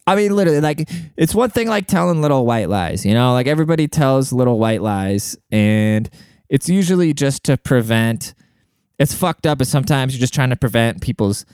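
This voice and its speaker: A young man reads advice posts aloud and riffs on them, crude and rambling, full of fillers. His voice is smooth and clear, recorded dry and close with no room around it. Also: medium pitch, animated, normal speed, a little mellow, no room sound. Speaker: host reading and reacting to advice posts. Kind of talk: casual commentary.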